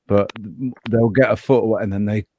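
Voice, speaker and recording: A man's voice: lowish voice, steady tone, fairly quick, dark tone, a little hiss or hum. A man co-hosting a casual chat, telling rambling, profane stories with many restarts. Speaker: co-host.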